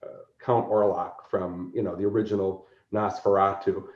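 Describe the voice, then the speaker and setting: A man's voice: low-pitched, normal speed. A man being interviewed as a convention organizer, telling stories animatedly and acting out characters. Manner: animated storyteller who acts out characters. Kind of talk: casual podcast interview. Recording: roomy, slightly dull recording.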